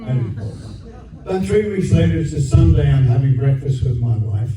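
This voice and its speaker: Crowd noise fills a convention hall as an older Australian man, there as a guest actor, spins an anecdote for a fan Q&A. His voice runs on the high side with lively intonation and a brisk pace, and he chats along, often restarting and acting out others' lines. The distant recording is very echoey, dull and noisy.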